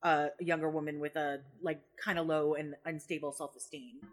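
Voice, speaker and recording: A woman co-hosting a podcast, talking about a TV show in a frank, animated way and swearing now and then for emphasis. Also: low voice, moderate pace. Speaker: podcast co-host. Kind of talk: casual discussion of a TV episode.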